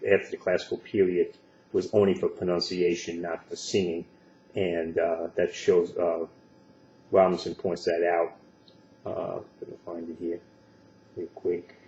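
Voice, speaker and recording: A man giving casual spoken commentary for an online video, halting and full of filler sounds. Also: sits low, darkish tone, reverberant, lo-fi sound, slight background noise.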